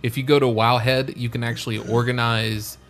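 A man's voice: mid-range voice, little pitch movement, normal speed, a bit bright, soft background music. A man co-hosting a podcast in casual chat, tossing in dry, crude asides. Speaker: podcast co-host.

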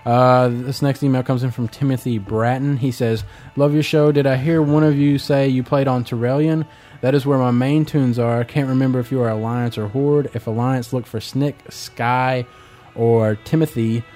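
A man's voice: medium pitch, steady tone, moderate pace, warm tone, faint music behind. A man hosting a casual gaming podcast, reading listener emails aloud in a laid-back way, with hesitant fillers and blunt swearing.

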